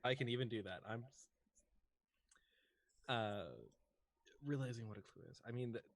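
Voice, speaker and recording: A man playing a tabletop game, talking casually and quickly about his character. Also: medium pitch. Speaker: player.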